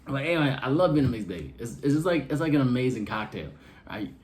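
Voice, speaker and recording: A man's voice: medium pitch, sing-song, quick pace, a little mellow. A man doing a brash, slangy stand-up comedy set for an online show.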